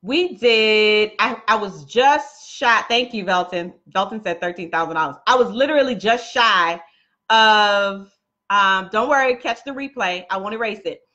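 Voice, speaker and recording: A woman's voice: medium pitch, measured pace, sharp tone, lo-fi sound. A woman coaching viewers on a casual live stream, chatty and laughing often, talking straight to her audience.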